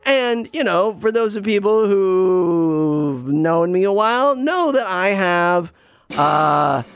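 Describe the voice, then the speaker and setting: A man's voice: sits high, animated, takes it slowly, fairly bright tone, clean tone, no echo. A man telling a rambling, self-deprecating personal story in a casual way, with many restarts and some swearing. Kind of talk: casual spoken anecdote.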